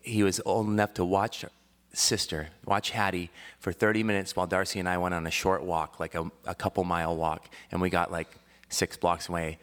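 A man in his thirties, originally from Washington State, preaching a sermon that mixes a relaxed personal story with rising, fervent scripture preaching. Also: low voice, moderate pace. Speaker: pastor.

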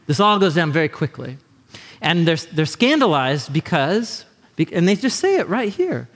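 A man preaching a sermon as pastor, in an animated, conversational way, sometimes acting out quick voices. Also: on the high side, big-room sound.

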